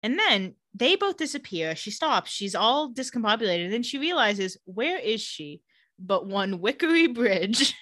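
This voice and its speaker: A woman co-hosting a casual chat, retelling scenes with quick voiced quotes and laughs. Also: on the high side, very animated, a bit bright, dry recording, clean studio sound. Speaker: podcast co-host recapping a TV episode.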